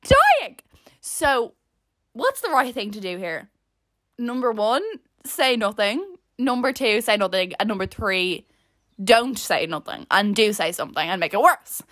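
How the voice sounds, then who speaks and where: A woman's voice: medium pitch, lively intonation, normal speed, fairly bright tone, no echo. A young Irish woman hosting a podcast, chatting casually and rambling through self-mocking stories. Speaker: podcast host. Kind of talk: casual chat.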